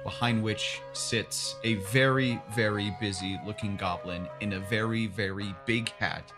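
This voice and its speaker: A game master describing scenes in a tabletop game in an animated, chatty way. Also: sits low, unhurried, music in the background.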